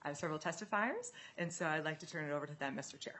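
Lower-voiced woman presenting a bill. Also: a bit bright. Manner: measured, explanatory, with fillers.

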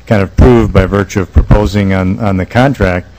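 A man with a very deep voice speaks in a legislative committee room. His delivery stays level and monotone, earnest and measured, and he stumbles through frequent "uh"s and "um"s as he makes his case. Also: poor audio. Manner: halting, many uh and um fillers. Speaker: state legislator. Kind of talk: committee hearing testimony.

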